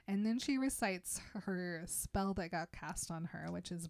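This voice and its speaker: A young woman in casual chat, animatedly retelling a film and slipping in quick voices for its characters. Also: fairly low pitch. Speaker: podcast co-host retelling a film.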